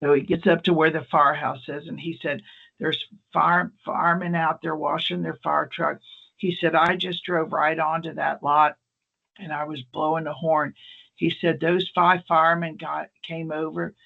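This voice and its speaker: Male ER nurse, casual storyteller, gravelly voice, dull lo-fi meeting audio. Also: fairly high pitch, normal speed. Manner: animated anecdotal delivery, acts out quoted people. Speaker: emergency nurse presenter.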